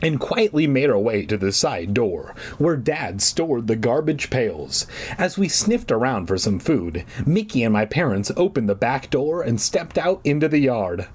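Husky man reading a storybook aloud. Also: mid-range voice, very animated, measured pace, darkish tone. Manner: irreverent, joking asides. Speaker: reader. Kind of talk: comedic storybook reading with asides.

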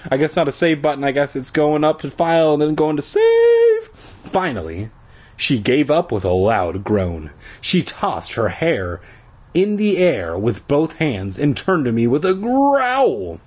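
A man's voice: a little high, huge pitch swings, unhurried, a little mellow, slightly rough. A man reading a children's book aloud as a comedy, dropping crude, sarcastic asides. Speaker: reader.

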